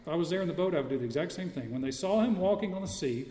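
Male pastor, sermon, mellow higher voice, teaching tone, roomy reverberant hall. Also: lively intonation, rapid-fire. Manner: teaching, asks the listeners questions. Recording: echoey hall, voice from far off.

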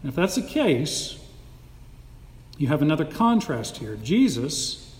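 A man preaching an emphatic, animated sermon as a pastor, recorded in a church sanctuary. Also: a little high, a little slow. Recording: echoey hall with long reverb.

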